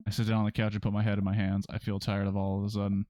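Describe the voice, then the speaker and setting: A man's voice: on the low side, flat delivery, very fast, few pauses, warm tone, no echo. Sarcastic man streaming a story game. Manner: sarcastic, swears freely, breaks into rants. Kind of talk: casual game playthrough, reading aloud.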